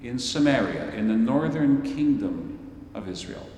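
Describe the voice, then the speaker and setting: A man's voice: medium pitch, animated, measured pace, darkish tone, slight background noise. A man preaching a storytelling sermon in a large worship hall, theatrical and wry, with playful asides. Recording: echoey hall from far off.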